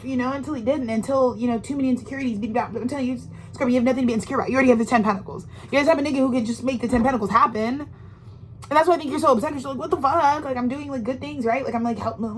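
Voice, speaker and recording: Brief: woman tarot reader, fairly high voice, slangy and profane, rambling direct address, faint noise behind. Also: rough recording. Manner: rambling, emphatic and profane, with frequent restarts. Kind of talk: casual tarot reading monologue.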